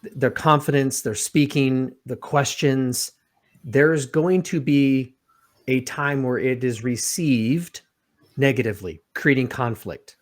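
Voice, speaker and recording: A man hosts a business interview, asking long questions that stop and restart as he works toward the point. He backs up his guest often with quick words of agreement. His voice sits at a middling pitch. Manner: affirming, halting questions with restarts. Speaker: interview host.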